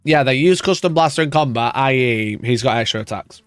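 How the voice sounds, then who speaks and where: A man's voice: medium pitch, a little fast, clear, resonant tone, no room sound, soft background music. A man hosting a wargaming live stream, ranting in mock outrage and swearing as he reads and reacts. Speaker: wargaming channel host. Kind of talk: casual live-stream chat.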